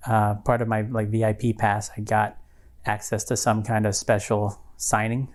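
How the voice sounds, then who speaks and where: A man's voice: lowish voice, flat delivery, moderate pace. A man co-hosting a podcast, telling a story in casual chat, rambling with many fillers and restarts. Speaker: podcast co-host.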